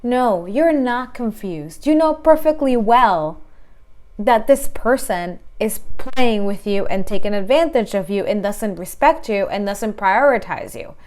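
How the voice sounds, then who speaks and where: A woman's voice: medium pitch, lively intonation, unhurried, darkish tone. A woman relationship coach giving blunt, emphatic advice straight to her viewers and acting out the voices she quotes. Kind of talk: direct-to-camera advice talk.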